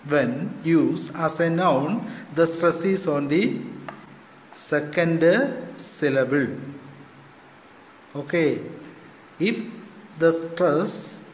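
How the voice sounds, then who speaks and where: A man with an Indian English accent teaching a school English lesson. He explains slowly and deliberately, spelling words out letter by letter and repeating definitions. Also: a little high. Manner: repeats definitions, often pauses with okay. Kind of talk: recorded online class lesson. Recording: echoey room with long reverb, faint background hum.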